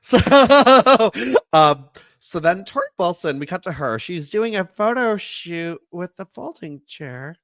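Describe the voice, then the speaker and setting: A man co-hosting a podcast in casual chat, animated, laughing often and acting out what others say. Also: high-pitched, slow pace, no room sound. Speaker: podcast co-host.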